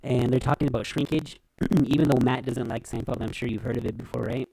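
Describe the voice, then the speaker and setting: A man's voice: mid-range voice, a little fast, creaky, husky, no echo. A man hosting a podcast, telling crude stories in casual chat, swearing and laughing often. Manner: animated storyteller, laughs a lot, swears. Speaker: podcast host.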